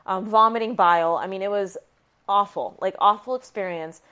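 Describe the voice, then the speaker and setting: A woman doctor in her thirties shares a personal story in an interview. She speaks candidly and emotionally, often breaking off and restarting her sentences, and swears now and then. Her voice sits at a middling pitch for a woman. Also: moderate pace, a bit bright, smooth. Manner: frank and emotional, with frequent restarts and some profanity. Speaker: physician guest sharing her story.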